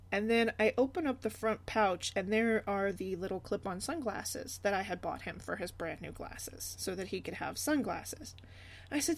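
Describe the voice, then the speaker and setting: A woman hosting a personal storytelling podcast, speaking candidly and laughing often as she tells stories about her family. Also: mid-range voice. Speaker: podcast host.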